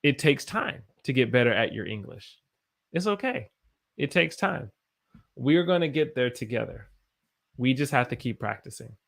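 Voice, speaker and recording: A man's voice: medium pitch, animated, moderate pace, vocal fry, fairly bright tone. A man from the United States teaching English on a live stream, tired after a long day and encouraging as he reads out viewer sentences and corrects them.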